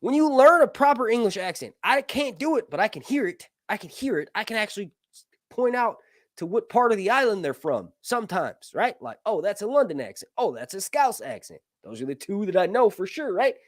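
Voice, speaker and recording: Lively, profane man chatting on a stream. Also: high-pitched, a little fast, dry recording, studio quality. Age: 30s. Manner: rambling, profane and joking, loses his train of thought. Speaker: host. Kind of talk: casual live-stream chat.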